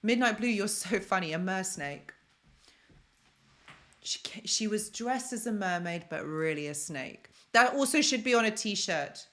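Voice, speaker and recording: A woman's voice: mid-range voice, animated, unhurried, fairly bright tone. A young woman from London hosts a casual self-help live stream, chatting and repeating phrases for emphasis while she answers viewer comments.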